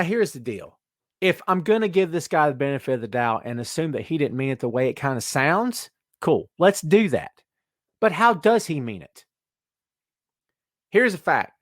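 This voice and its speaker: A man's voice: mid-range voice, no echo, studio quality. A man hosting a wrestling podcast, giving emphatic, opinionated commentary and calling his listeners "kids". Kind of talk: opinionated live-stream commentary.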